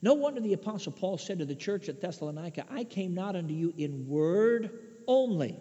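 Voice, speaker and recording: A man from Chicago preaching a sermon, emphatic, swinging between loud declarations and hushed asides. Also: sits high, big pitch swings, fairly quick. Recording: dull lo-fi sound with long reverb.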